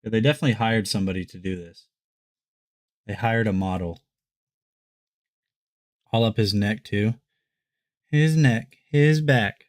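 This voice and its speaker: A man's voice: on the low side, steady tone, moderate pace, long pauses. A young adult man hosting a live shopping stream, chatting casually and rambling with lots of restarts. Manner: laughs often and rambles with restarts. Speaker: livestream shopping host.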